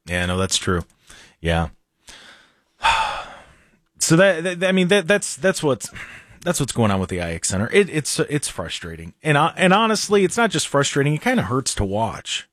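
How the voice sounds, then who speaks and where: A man hosting a casual talk show, animated and sarcastic, often dropping into mocking voices. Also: mid-range voice, normal speed, long pauses, dry recording, studio quality. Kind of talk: casual chat.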